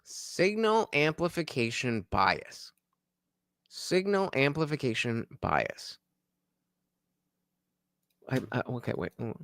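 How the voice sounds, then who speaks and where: Lively man shouting out donors. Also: medium pitch, takes it slowly, vocal fry, long pauses, dry recording, studio quality. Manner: loud animated shout-outs to donors. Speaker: streamer reacting to a podcast. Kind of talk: casual live-stream commentary.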